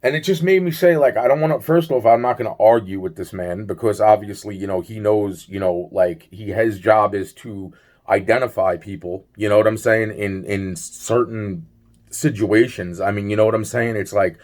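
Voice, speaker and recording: A man's voice: lowish voice, moderate pace, darkish tone. A man telling a long personal story in a rambling, repetitive way, swearing freely and trailing off into fillers. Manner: rambling, repetitive, full of "you know" and "blah blah blah", swears freely. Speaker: vlogger. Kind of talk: casual rambling storytelling to camera.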